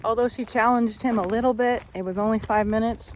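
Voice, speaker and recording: A woman horse trainer vlogging outdoors on a country ranch. She talks in a relaxed, chatty way, encouraging as she goes and working her thoughts out aloud. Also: on the high side, fairly quick, a little hiss or hum. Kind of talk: casual vlog narration.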